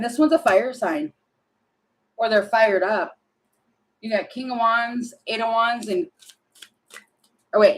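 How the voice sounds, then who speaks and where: A woman's voice: fairly high pitch, rough recording. A woman doing a casual tarot reading, chatty and thinking aloud, often laughing and breaking off. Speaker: tarot reader.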